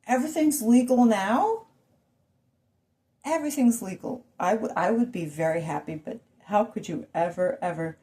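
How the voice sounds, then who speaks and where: A woman's voice: medium pitch, lively intonation, moderate pace, dark tone. A woman ranting to her viewers in a rambling monologue full of rhetorical questions and asides. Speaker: vlogger.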